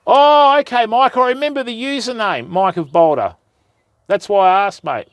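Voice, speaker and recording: An older man with an Australian accent chats loosely to his livestream viewers outdoors by a river. His voice sits fairly high for a man and sounds dry and close, and he cracks jokes and swears now and then. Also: normal speed, clear, resonant tone, no room sound. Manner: rambling, matey, swears and tells jokes. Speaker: fishing channel host. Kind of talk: casual livestream chat.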